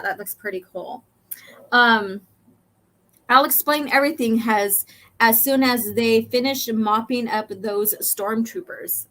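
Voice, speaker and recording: A woman hosting a casual chat, walking through comic pages and reading lines aloud with many pauses. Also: a little high, bright, forceful tone. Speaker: host.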